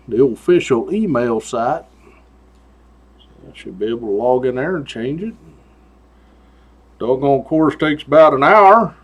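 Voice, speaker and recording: A man voicing an unbothered veteran male trooper who talks in a slow, folksy drawl. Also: on the high side, fairly bright tone, full character voice.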